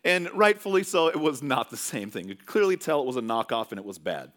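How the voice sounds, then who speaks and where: Guy preaching, lively up and down voice, tells stories, keeps restarting sentences. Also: mid-range voice, quick pace. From California. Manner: conversational storytelling with many restarts. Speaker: pastor. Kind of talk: sermon.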